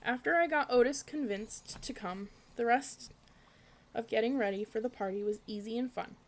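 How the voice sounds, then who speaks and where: A woman's voice: on the high side, moderate pace, low-quality recording. A woman reading a children's bedtime story aloud, giving characters light voices.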